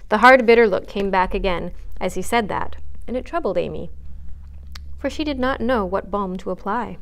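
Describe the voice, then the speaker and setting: A woman librarian narrates a classic chapter book for story time. Her reading voice is steady and clear, pitched in an ordinary middle range. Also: normal speed. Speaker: children's librarian reading aloud. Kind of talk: storytime read-aloud narration.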